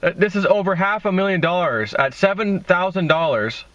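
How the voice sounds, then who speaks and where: A man rambles through an opinion monologue in a bright, forceful voice, sarcastic and mocking. His pitch sits a bit high, and the sound is dry and dull, like a lo-fi home recording. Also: normal speed, no room sound. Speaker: crypto video host.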